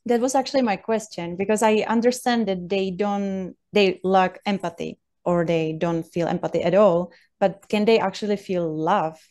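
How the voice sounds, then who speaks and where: A woman at an ordinary middle pitch puts probing follow-up questions to her guest. She asks in the plain manner of an interviewer. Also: steady tone, moderate pace, few pauses, a little mellow.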